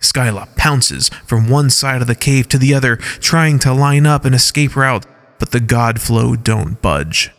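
A man narrating a scripted audio story in a measured way, reading scene headings and stage directions aloud. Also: mid-range voice, fairly bright tone, long reverb tail.

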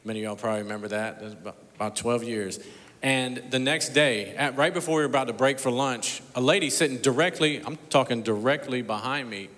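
A male pastor delivers a storytelling sermon from a church sanctuary. His middle-pitched voice drops to near-whispers and then climbs to loud, emphatic peaks. A long reverb trails every phrase through the big hall. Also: brisk.

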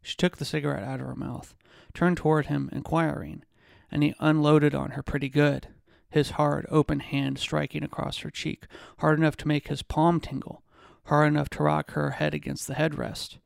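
A man, a podcast host, reading a novel excerpt aloud at a measured pace, with occasional restarts. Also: fairly high pitch, level tone, creaky, no echo, studio quality.

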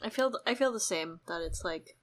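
A woman co-hosting a podcast, calmly summarizing and explaining. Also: fairly low pitch, a little fast. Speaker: podcast co-host. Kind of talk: casual book discussion.

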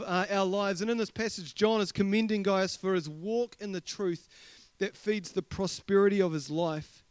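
Kiwi-accented male pastor, high voice, humorous anecdotes, dry sound. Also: clean tone, dry recording. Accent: New Zealand. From New Zealand. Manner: chatty, humorous, asks the congregation questions. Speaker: senior pastor. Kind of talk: sermon with personal storytelling.

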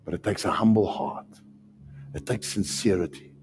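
A man with a South African accent preaching a sermon as pastor, emphatic and repetitive, with sudden loud rises. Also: fairly low pitch, moderate pace, a little hiss or hum.

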